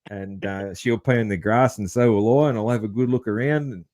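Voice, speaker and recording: A man's voice: lowish voice, fairly quick, darkish tone, dry recording, studio quality. A man with an Australian accent hosting a casual podcast interview, laid-back and full of crude slang. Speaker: podcast host.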